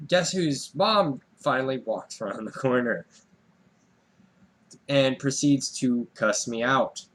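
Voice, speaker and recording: Slow and a bit bright at medium pitch, this young podcast co-host recounts a story in laid-back conversation. He curses freely, and his voice leaps abruptly whenever he performs the scene.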